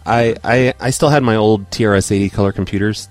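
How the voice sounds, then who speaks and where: A low-voiced man rambles through a casual chat as co-host, laughing easily along the way. Faint music plays underneath. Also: steady tone, brisk. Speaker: podcast co-host.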